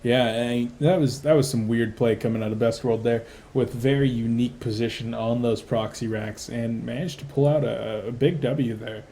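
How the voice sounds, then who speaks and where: A tired man casting a video game match live, with rapid play-by-play and excitable bursts. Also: mid-range voice, a little hiss or hum. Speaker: play-by-play esports caster.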